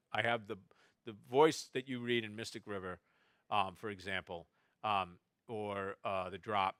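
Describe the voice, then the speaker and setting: Bright-voiced man telling stories. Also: on the low side, dry recording. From Boston, USA. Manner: animated, wry anecdotes with restarts. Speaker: novelist speaking at a festival. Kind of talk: storytelling talk to an audience. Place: festival stage before an audience.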